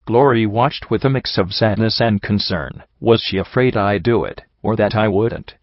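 A man narrating a dark first-person story in a grim, intense, dramatic reading. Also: fairly low pitch, normal speed, no room sound. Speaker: audiobook narrator. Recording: dry, dull lo-fi recording.

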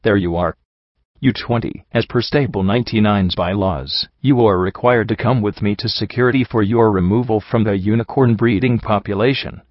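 A jaded mare security guard, read by a man, talks in a bored, blunt way and swears often. The voice stays low. It is a dry, slightly dull recording. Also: expressive, moderate pace, no echo.

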